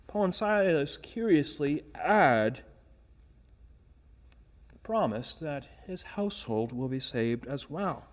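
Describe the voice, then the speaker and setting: Pastor, male, fairly high voice, earnest emphatic sermon delivery with rhetorical questions. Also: lively intonation, unhurried.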